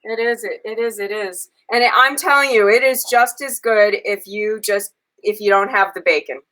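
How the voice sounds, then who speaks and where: A woman co-hosting a casual cooking show from her home kitchen over a video call, chatty and quick to giggle as she narrates each step. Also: medium pitch, pushed and bright, poor audio. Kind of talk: casual chat while cooking.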